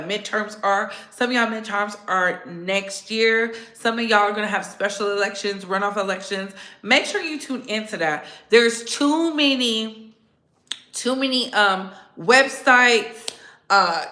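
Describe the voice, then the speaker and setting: A woman hosting her own channel, giving casual gossip commentary straight to her viewers in an animated, profane way, often laughing. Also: medium pitch. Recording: echoey room with faint noise.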